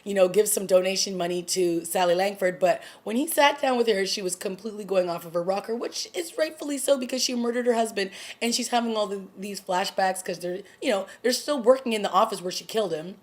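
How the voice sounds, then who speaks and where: A woman vlogger casually recapping a TV drama episode, excited and gossipy, acting out the characters' lines. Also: medium pitch, brisk, few pauses. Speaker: TV review vlogger. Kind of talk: casual chat.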